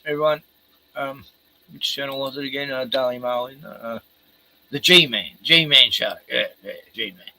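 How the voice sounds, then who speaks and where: A man's voice: mid-range voice, normal speed, gravelly, bright, forceful tone, low-quality recording. An Australian man co-hosting a podcast, reacting to a news clip in a rambling, sweary way and laughing often. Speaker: podcast co-host. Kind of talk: casual commentary on a news clip.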